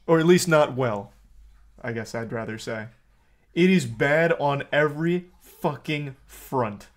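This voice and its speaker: A man's voice: medium pitch, measured pace. A man streaming live, bluntly and profanely ranting about a movie to his chat in casual talk.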